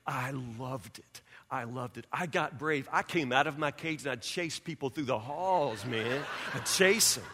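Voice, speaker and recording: A man preaching a sermon as pastor, telling a personal story in an animated way and acting out scenes, speaking in a church sanctuary. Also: on the high side, slight background noise. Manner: animated storyteller, acts out scenes, drops to quiet intensity. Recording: reverberant hall.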